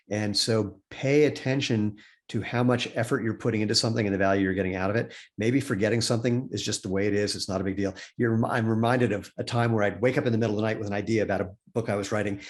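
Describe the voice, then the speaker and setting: An older man, a company founder and podcast guest, chatting casually over a video call and telling rambling stories. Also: lowish voice. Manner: rambling, acts out quoted voices in anecdotes. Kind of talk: casual storytelling conversation.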